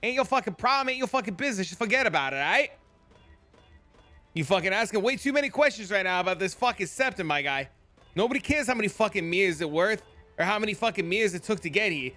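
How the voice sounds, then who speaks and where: A man doing a brash Jersey mobster, high and bright. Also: expressive, fast talker, faint music behind. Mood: bullying. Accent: put-on New Jersey. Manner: profane, bullying, rhetorical questions. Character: brash Jersey mobster type, pushy and tough.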